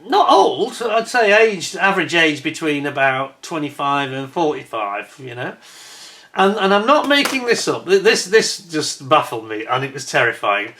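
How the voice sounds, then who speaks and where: A man chatting casually to camera, telling a personal anecdote in an animated way with frequent restarts and laughs. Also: fairly high pitch, moderate pace. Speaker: vlogger.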